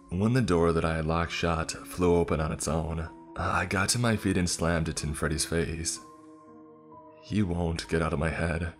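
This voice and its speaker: Very deep-voiced male horror narrator. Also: fairly even intonation, normal speed, soft background music.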